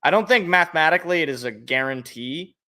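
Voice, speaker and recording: Animated man hosting a sports chat. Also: on the high side, fast talker. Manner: animated, jokey, thinks aloud. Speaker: sports podcast host. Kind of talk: casual chat.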